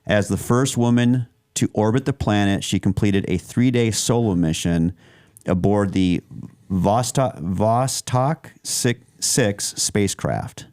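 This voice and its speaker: This male podcast co-host has a fairly low, darkish voice and speaks slowly in relaxed conversation, wandering through his points with frequent restarts and filler words. The audio is dry and studio quality.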